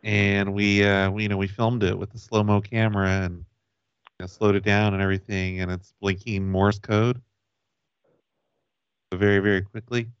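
A man making deadpan prank calls and chatting casually, halting with fillers as he talks. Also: on the low side, smooth, dry recording. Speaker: prank-calling co-host. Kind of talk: prank call and casual chat. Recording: dull dry sound.

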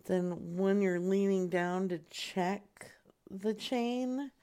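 A woman's voice: mid-range voice, extremely slow, warm tone. A woman co-hosting a podcast, trading playful jokes in casual banter and giggling often. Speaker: podcast co-host.

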